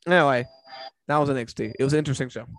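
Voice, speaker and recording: A man's voice: mid-range voice, rapid-fire, a bit bright. A man hosting a casual recap chat, rambling with fillers and swearing freely. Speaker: podcast host.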